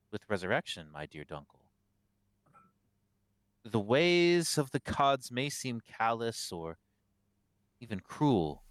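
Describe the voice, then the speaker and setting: A man's voice: on the low side, no room sound. A man voicing a zealous, fanatical abbot who speaks in grand, sermonizing tones.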